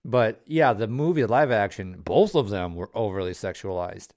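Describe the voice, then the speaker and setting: A man's voice: lowish voice, expressive, moderate pace, a little mellow. A man chatting casually on a podcast, cutting in with wisecracks. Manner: wisecracking, jumps in with jokes. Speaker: podcast co-host. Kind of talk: casual chat.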